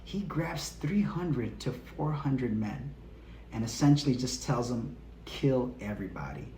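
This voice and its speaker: A man's voice: medium pitch, lively intonation, slow, dark tone, slight background noise. Blunt, casual male history host. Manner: blunt, conversational, slangy. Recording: roomy echo with faint music.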